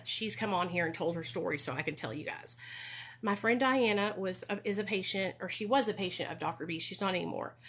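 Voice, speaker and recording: A woman's voice: mid-range voice, fairly bright tone. Young adult woman, casual live-stream vlogger, emphatic and a bit defensive. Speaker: vlogger on recovery.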